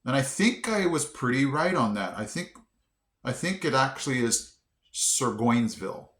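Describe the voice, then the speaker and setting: A man's voice: mid-range voice, very animated, a bit bright. Chatty man vlogging in an echoey room. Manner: sounds out words haltingly, many fillers. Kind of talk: casual chat to camera.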